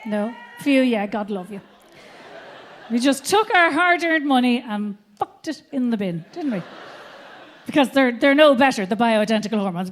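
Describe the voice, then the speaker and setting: A middle-aged woman with an Irish accent works a theatre crowd through a stand-up routine. Her voice sits high, and she tells the story with lively, foul-mouthed energy. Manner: animated, swearing storyteller. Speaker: stand-up comedian. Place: theatre stage before a live audience.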